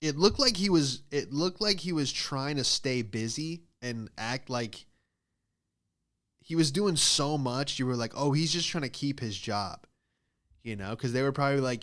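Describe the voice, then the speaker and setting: A young American man rambles through comic stories on his podcast. His voice is smooth and clean at a middle pitch, and he keeps jumping into shrill, squeaky impressions of the people he quotes. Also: measured pace, a bit bright. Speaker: podcast host. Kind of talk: casual comedic monologue.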